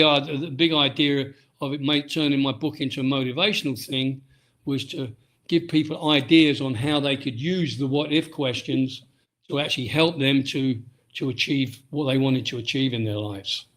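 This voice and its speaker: A man's voice: on the high side, a bit bright. A middle-aged man from Britain, a ski instructor and author, talking casually in an interview and often restarting his sentences. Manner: rambling, frequent restarts and "um"s.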